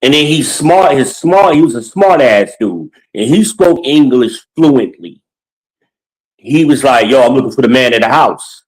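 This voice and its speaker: A man's voice: medium pitch, expressive, moderate pace, darkish tone, poor audio. Blunt, profane man ranting casually. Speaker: podcast host. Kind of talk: casual monologue.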